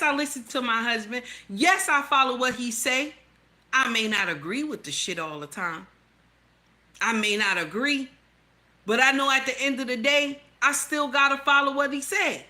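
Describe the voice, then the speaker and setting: A woman's voice: fairly high pitch, bright, forceful tone. A middle-aged woman hosting a reaction video, blunt and heated, lecturing her viewers with heavy cursing. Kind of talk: profane reaction commentary.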